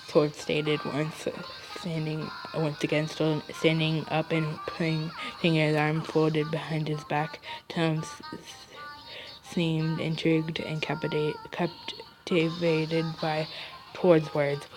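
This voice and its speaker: A woman reading fan fiction aloud on a casual livestream, hesitant and full of restarts. Her voice is low and flat, and clear music plays behind her. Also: unhurried, low-quality recording. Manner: hesitant, many fillers and restarts. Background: background music.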